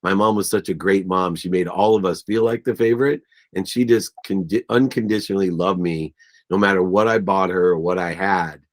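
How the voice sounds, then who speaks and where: Low-voiced man telling heartfelt stories. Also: brisk. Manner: tells stories acting out family voices, gets choked up. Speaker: guest, business coach. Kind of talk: emotional storytelling interview.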